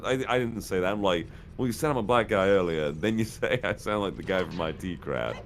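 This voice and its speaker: A man's voice: low-pitched, lively intonation, fairly quick, a little hiss or hum. A man chatting casually and crudely while streaming a game, swearing often and laughing through his own stories. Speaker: streamer co-host.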